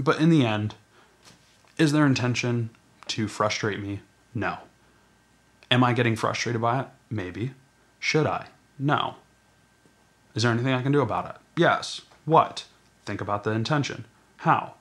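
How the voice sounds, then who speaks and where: A man's voice: on the low side, fairly bright tone. A man hosting a solo podcast, talking casually and self-deprecatingly, rambling with frequent restarts. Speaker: podcast host.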